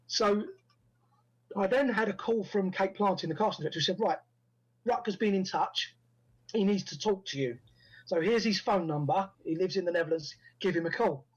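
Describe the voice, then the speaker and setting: A man's voice: high-pitched, moderate pace, husky, lo-fi sound. A middle-aged man, a guest actor and director, telling anecdotes in an interview and acting out the dialogue he quotes. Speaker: guest, actor and first-time film director. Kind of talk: casual storytelling in an interview.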